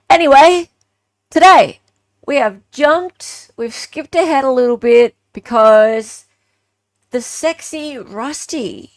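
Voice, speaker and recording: A woman's voice: medium pitch, dry recording, studio quality. An Australian woman hosting a live stream, chatting casually in a playful, joking, self-mocking way.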